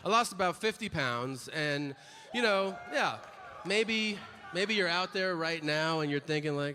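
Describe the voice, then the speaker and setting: A man's voice: fairly high pitch, expressive, measured pace, big-room sound, noisy background. Brash stand-up comic man on stage. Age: 30s. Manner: brash storytelling, acts out dialogue. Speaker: stand-up comedian. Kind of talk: stand-up set. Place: comedy stage.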